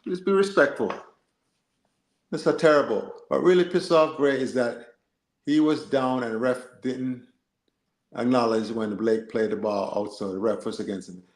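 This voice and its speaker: A man co-hosting a football live stream, reading and answering chat in an animated, joking way. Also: medium pitch, normal speed, roomy sound. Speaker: livestream co-host.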